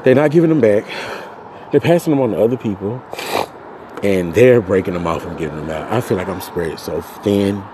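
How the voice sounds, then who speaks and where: A man hosting a podcast, ranting angrily and profanely, swinging from low muttering to loud outbursts. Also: brisk, noisy background. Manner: profane, venting, swings between muttering and shouting. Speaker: podcast host. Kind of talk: angry solo podcast rant.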